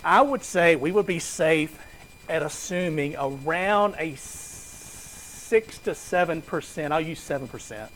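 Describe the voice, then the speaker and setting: A man's voice: a little high, slow, a bit bright, slight background noise, low-quality recording. A man giving a conversational finance lecture to a class, asking students questions and joking with them.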